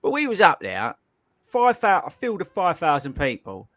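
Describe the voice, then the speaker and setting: A man's voice: high-pitched, huge pitch swings, moderate pace, a bit bright, dry recording. A man with a London accent hosting a casual podcast chat, rambling and filling with "you know". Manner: rambling, repeats himself, lots of "you know". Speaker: podcast host.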